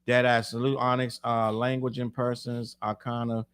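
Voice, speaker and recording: A man co-hosting a podcast in casual chat, rapid and animated, cursing freely and repeating words as he restarts. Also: mid-range voice, clear, resonant tone. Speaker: podcast co-host.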